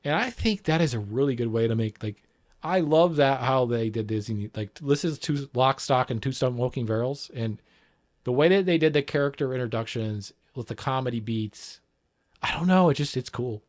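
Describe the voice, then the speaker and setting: A man's voice: medium pitch, normal speed. A man livestreaming, chatting casually and reacting to a film clip, rambling, swearing and repeating lines back. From not Britain. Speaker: livestream host.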